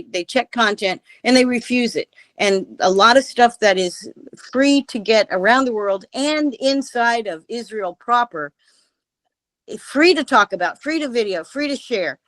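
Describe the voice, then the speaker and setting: A woman with a fairly high voice delivers fervent political commentary as a radio guest. She presses her points with repeated rhetorical questions. The sound is close and dry, like call audio without room echo. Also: fairly bright tone. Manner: impassioned, emphatic, rhetorical questions. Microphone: remote call audio.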